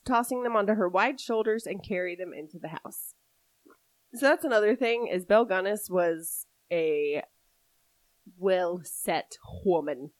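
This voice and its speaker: A woman co-hosting a casual true-crime podcast, telling the story in an animated way and often laughing. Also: mid-range voice, no echo. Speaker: podcast co-host.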